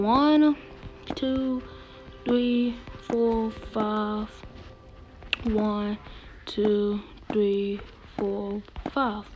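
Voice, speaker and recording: Woman, game streamer, casual gameplay commentary, playful, teasing, frequent whispers, drawn-out delivery, faint game music behind. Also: mid-range voice, little pitch movement, lo-fi sound.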